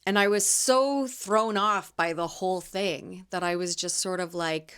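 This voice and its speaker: A woman in her thirties from Canada, hosting a casual solo podcast and telling lively stories about her market stall. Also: lowish voice, unhurried, clean tone. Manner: chatty, animated storyteller acting out quotes. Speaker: podcast host and market vendor.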